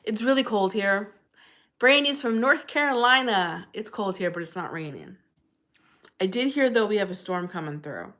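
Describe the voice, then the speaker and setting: A woman's voice: medium pitch, very animated, normal speed, a bit bright. A woman hosting a casual livestream, chatting and greeting viewers by name in a bubbly way. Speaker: livestream host.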